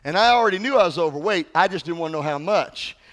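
A man's voice: high-pitched, expressive, quick pace, a bit bright. A male pastor preaching a sermon in a conversational way, often asking the congregation questions.

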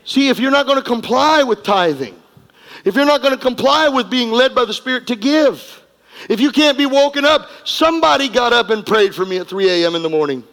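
Here a pastor delivers his sermon with lively intonation and a very high, somewhat bright voice, speaking a touch fast. He is emphatic and repetitive as he guides the congregation through call-and-response. The church sanctuary gives the audio a long, hall-like reverb.

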